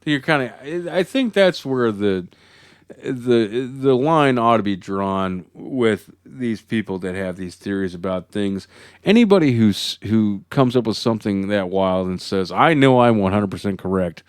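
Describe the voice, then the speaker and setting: A man from the United States co-hosting a comedy podcast, making wry, dismissive quips with halting restarts. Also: on the low side, animated, clear, resonant tone, no echo, clean studio sound. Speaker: podcast co-host. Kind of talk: casual comedy podcast banter.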